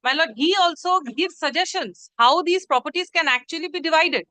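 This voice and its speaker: A woman advocate pleads her case in court, her voice high and bright with a sharp edge. She is formal and deferential and keeps turning back to "my lord". The sound is close and dry. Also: brisk, no room sound, poor audio. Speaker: advocate arguing before a judge. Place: courtroom hearing, live-streamed.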